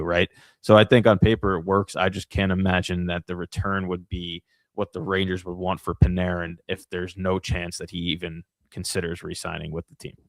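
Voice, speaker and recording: Man, very deep voice, casual podcast chat, thinking aloud, dry close sound. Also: no room sound. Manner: speculative, thinks aloud with restarts. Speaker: podcast co-host.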